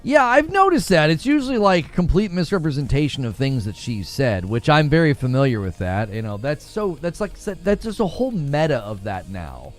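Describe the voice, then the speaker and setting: A man's voice: fairly high pitch, sing-song, normal speed, hardly any pauses, faint music behind. A man hosting a casual gaming livestream, joking around, laughing often and answering his chat. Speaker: livestream host.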